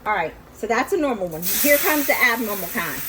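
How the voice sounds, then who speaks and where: In her home kitchen, a woman hosts a casual cooking vlog, chatting to viewers and joking about her own mistakes as she cooks. Her voice is fairly high, very animated and brisk. The rough recording picks up loud frying and sizzling from the pan, plus a crowd in the background.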